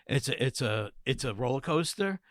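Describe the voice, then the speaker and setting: A man's voice: mid-range voice, lively intonation, a little fast, fairly bright tone, no room sound, studio quality. A man co-hosting a comedy podcast, telling a rambling, profane story in casual chat. He is in his forties. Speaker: podcast co-host.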